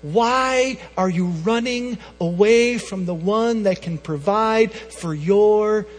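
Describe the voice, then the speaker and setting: A man giving voice to God in whispered role-play, hushed and gently questioning. The soft voice carries through a long, reverberant hall. Faint music plays beneath it. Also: high voice, slow.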